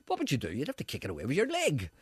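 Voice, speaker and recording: A man's voice: medium pitch, wildly swooping pitch, very fast, slight background noise. A man hosting a radio show, rambling through a story and acting out the lines of the people in it. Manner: rambling storyteller, acts out quotes, laughs at own tales. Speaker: radio host. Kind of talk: casual chat.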